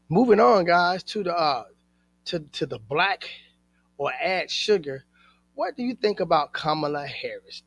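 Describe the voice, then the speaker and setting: A man with a fairly high-pitched voice talks casually to camera, rambling from one thought to the next and calling his viewers "guys." He sounds like a relaxed vlogger speaking off the cuff. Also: low-quality recording. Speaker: channel host.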